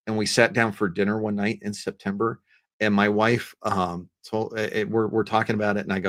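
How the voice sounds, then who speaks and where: A man in his forties hosting a casual panel chat, telling playful stories with halting restarts. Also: fairly low pitch, flat delivery, a bit bright. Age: 40s. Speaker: host.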